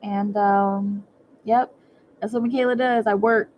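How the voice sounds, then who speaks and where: A woman giving a casual livestream tarot reading. She talks in a chatty, halting way, repeating words and often checking in with viewers by asking "okay?". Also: mid-range voice, fairly even intonation, darkish tone, slight background noise, low-quality recording. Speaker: tarot reader.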